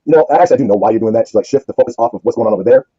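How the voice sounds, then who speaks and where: A man's voice: mid-range voice, very fast, dark tone, slightly rough, lo-fi sound. A man hosting a heated livestream argument, talking in a profane, rambling, defensive way. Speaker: livestream host.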